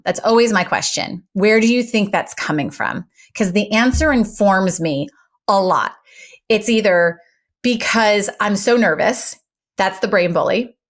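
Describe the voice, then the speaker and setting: Animated, articulate woman guest. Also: on the low side. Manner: articulate, emphatic, animated delivery with varied pace. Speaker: interview guest, former news anchor and communication coach. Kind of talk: conversational interview.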